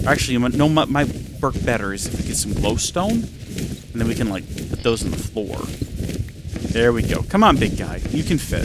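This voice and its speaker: A man hosting a gaming channel, talking excitedly to himself and the game as he plays. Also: medium pitch, fairly quick, very noisy. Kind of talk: let's-play commentary.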